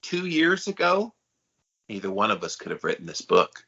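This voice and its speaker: Guy cohosting a podcast, upbeat hype talk, punchy bright tone, kinda dull lo-fi audio. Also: fairly low pitch, very animated, moderate pace, creaky. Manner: enthusiastic hype-man delivery. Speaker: podcast co-host. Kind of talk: casual podcast chat.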